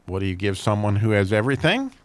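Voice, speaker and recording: Low-voiced guy reading jokes, chuckles at his own punchlines, dry close sound. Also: very animated, fast talker, no room sound. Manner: lifts his pitch for quoted characters. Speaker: host. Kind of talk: reading jokes and funny stories.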